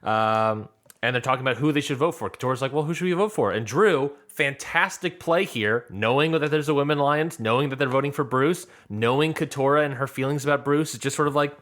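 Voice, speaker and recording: This podcast co-host has a medium-pitched, fairly bright voice and talks a little fast. In casual chat he retells a reality show episode, acting out the players' lines.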